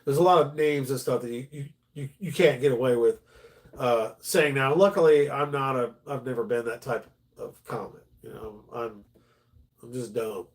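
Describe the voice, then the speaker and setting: A man's voice: medium pitch, normal speed. A middle-aged man, a stand-up comedian, chatting casually on a livestream, rambling with many restarts and swearing freely.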